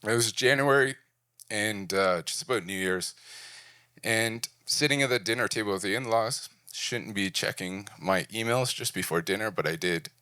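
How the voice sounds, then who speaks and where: A man's voice: lowish voice, normal speed, pushed and bright, clear, resonant tone, no echo, studio quality. A man in his forties from Prince Edward Island, Canada, giving a candid, self-deprecating talk at a design event in short punchy phrases. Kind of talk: personal storytelling talk. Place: event venue.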